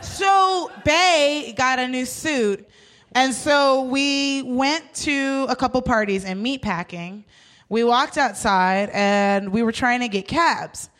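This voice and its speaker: A young woman in casual chat, telling a story with lots of swearing and acting out what everyone said with big jumps in her voice. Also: takes it slowly. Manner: animated, swears freely, acts out quotes with big pitch jumps.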